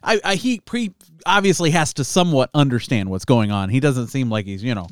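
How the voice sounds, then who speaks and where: A man's voice: mid-range voice, expressive, a little fast, smooth, no echo, clean studio sound. A man co-hosting a casual movie review podcast, laid-back and agreeable, mostly chiming in with short replies. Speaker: podcast co-host.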